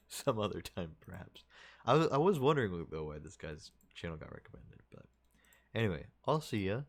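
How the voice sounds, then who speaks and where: A man's voice: low voice, animated, moderate pace. A man streaming and chatting casually with his viewers, rambling and restarting his sentences with little chuckles.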